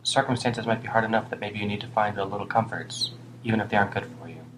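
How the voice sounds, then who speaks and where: A man voicing a petite, kind young woman with a trace of a French accent, in a softly raised voice for an audiobook. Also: on the low side, flat delivery, fast, noisy background, lightly acted. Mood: gentle.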